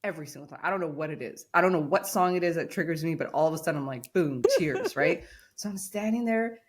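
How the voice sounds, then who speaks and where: Woman podcast co-host, lowish voice, animated storyteller. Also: fast talker. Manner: animated storytelling, acts out quotes. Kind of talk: casual chat.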